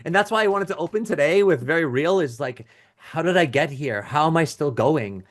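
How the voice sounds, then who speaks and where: A man's voice: on the high side, lively intonation, a little fast. A middle-aged man teaching a live webinar as a business coach, talking casually with restarts and asides and reading out audience chat comments.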